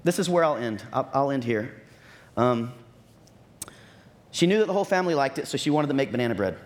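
A man preaching a sermon as pastor, telling stories and acting out what people said, with lively asides. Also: medium pitch, fairly quick. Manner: storytelling with acted-out quotes and lively asides.

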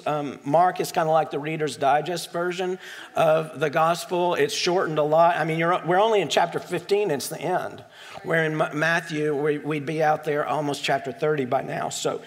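Male pastor with a slightly high voice, reading scripture and explaining it in a relaxed, off-the-cuff way. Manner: casual, digressive, with self-deprecating asides.

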